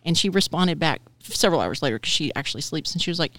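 A woman's voice: deep voice, animated, fast talker, a bit bright, no room sound. A middle-aged woman from Texas chatting as a podcast guest, telling self-deprecating stories with a laugh. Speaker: utility company CEO, podcast guest. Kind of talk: casual chat.

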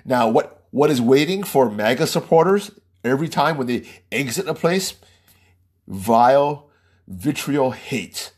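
Heated podcast guy ranting on his own show, husky voice, rambles and laughs between points. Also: mid-range voice, animated, unhurried, a little mellow. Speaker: podcast host. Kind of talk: political commentary monologue.

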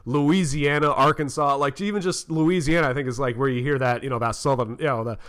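A man's voice: mid-range voice, fairly even intonation, fairly quick, fairly bright tone. A man co-hosting a podcast, chatting casually and laughing often, with thoughts that trail off. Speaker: podcast co-host. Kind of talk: casual chat.

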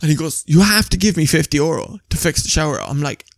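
A man's voice: on the high side, fast talker, gravelly, no room sound, clean studio sound. A young Irish man, co-host of a podcast, telling a story in casual chat with lots of laughing and acted-out voices. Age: young adult.

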